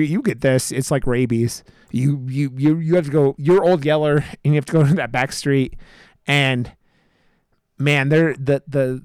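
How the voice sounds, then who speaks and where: A man co-hosting a podcast, chatting casually about a film in a rambling, profane, excitable way. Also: medium pitch, clear, resonant tone, no room sound, studio quality. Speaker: podcast co-host. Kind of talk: casual film review chat.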